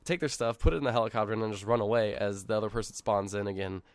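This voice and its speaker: A man with a lowish voice who talks fast. He co-hosts a casual online podcast and rambles on, now and then acting out what other players say. His voice is close and dry. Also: no echo. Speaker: podcast co-host. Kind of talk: casual chat over an online call.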